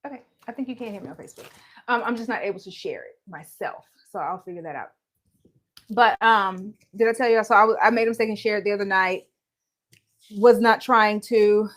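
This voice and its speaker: Her mid-range voice moves fairly quickly as she hosts an embroidery livestream from home using a live-streaming setup. Casual and chatty, she cracks jokes, laughs often, and says hello to viewers by name.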